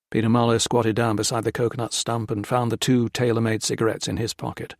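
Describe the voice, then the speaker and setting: Male audiobook narrator, mid pitch, dry studio read. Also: little pitch movement, a little fast, few pauses, dry recording. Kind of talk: scripted narration.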